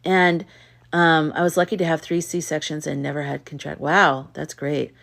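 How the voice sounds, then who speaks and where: Woman host, lowish voice, casual livestream chat, candid and outspoken storyteller. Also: flat delivery, normal speed, gravelly, fairly bright tone. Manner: candid storyteller who reads chat comments aloud; outspoken and exasperated in anecdotes. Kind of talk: casual live chat with viewers.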